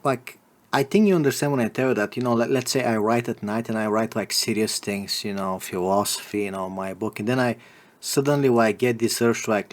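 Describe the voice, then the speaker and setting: A podcast host with a somewhat low voice chats a little fast in a loose, rambling way. He swears freely and often breaks into laughter.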